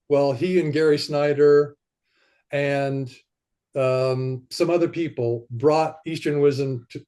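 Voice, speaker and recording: A man guesting on a podcast, with a somewhat high voice and a warm, mellow tone. He talks in a loose, rambling way, with lots of energy, and slips into other people's voices when he quotes them. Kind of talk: casual conversation.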